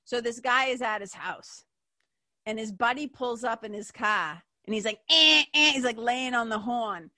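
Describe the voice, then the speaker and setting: A woman hosts a spiritual show in a casual, animated way, stressing her points and laughing between them. Her voice is bright and somewhat high. The sound is close and dry. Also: moderate pace, no echo. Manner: animated, emphatic, laughs often, playful voices. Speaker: podcast host.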